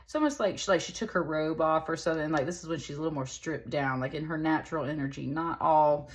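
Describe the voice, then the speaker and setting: A woman's voice: deep voice, quick pace. A woman giving a casual tarot reading, chatty and rambling, with lots of fillers. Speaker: tarot reader.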